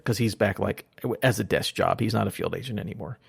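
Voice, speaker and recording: A man's voice: on the low side, brisk, gravelly, breathy edge, no room sound. A man chatting casually on a podcast, rambling through a game's story and quoting its characters along the way. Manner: rambling retelling of a game plot, quoting characters. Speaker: podcast guest.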